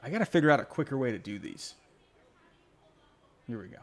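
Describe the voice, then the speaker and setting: A man's voice: mid-range voice, sing-song, brisk. A man hosting a casual postgame call-in show, talking in a rambling, self-interrupting way as he answers fan voicemails. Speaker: podcast host taking fan calls. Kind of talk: casual postgame sports reaction.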